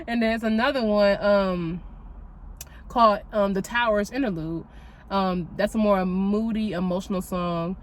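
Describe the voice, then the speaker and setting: A woman's voice: mid-range voice, a little hiss or hum. A young woman hosting a solo podcast, chatty and swearing freely, often laughing. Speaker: podcast host. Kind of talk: casual solo podcast monologue.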